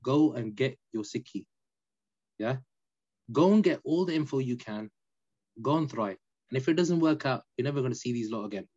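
A man, a podcast guest telling his story in an animated, emphatic casual way. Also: mid-range voice, normal speed, pauses often, muffled recording. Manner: animated, emphatic, peppered with "innit" and "you know".

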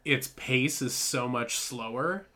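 A man's voice: medium pitch, slow pace, sharp tone. A man co-hosting a podcast in casual chat, rambling and swearing freely. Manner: laid-back, rambling, swears. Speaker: podcast co-host.

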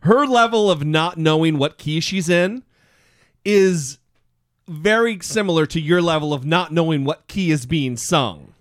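Hoarse man, lively animated talk. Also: on the high side, a little slow, dry recording, clean studio sound. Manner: animated storytelling, swearing freely. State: hoarse voice from a throat illness. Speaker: podcast co-host. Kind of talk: casual chat.

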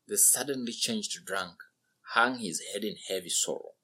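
A man narrating a story in an earnest, unhurried way. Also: fairly low pitch, pushed and bright, husky.

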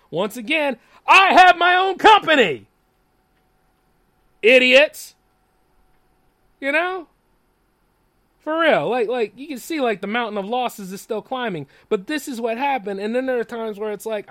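A man's voice: extremely high pitch, fairly bright tone, dry recording. A young man hosting a solo podcast, telling stories in a blunt, profane rant and chuckling often. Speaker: podcast host.

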